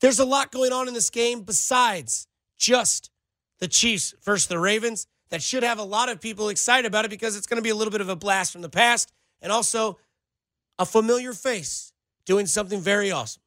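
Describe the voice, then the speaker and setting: A man's voice: high-pitched, fairly quick, bright, forceful tone, no room sound. A male sports radio host talking with a sarcastic, riled-up edge.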